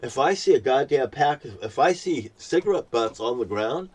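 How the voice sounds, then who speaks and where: Husky man in an angry swearing rant. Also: medium pitch, animated, normal speed, hardly any pauses, darkish tone, far from the mic. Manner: ranting, swears constantly, repeats himself. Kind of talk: angry profane monologue to camera.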